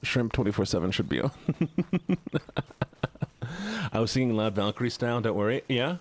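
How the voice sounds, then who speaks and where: A man's voice: lowish voice, expressive, normal speed. A man live-streaming a game, chatting casually with his viewers and swearing when startled. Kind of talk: casual live-stream chat while gaming.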